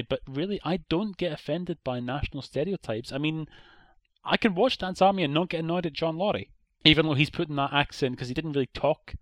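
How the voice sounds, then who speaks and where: A man's voice: a little high, no room sound. An Irish man co-hosting a podcast, giving a blunt, opinionated critique in a casual chat. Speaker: podcast co-host.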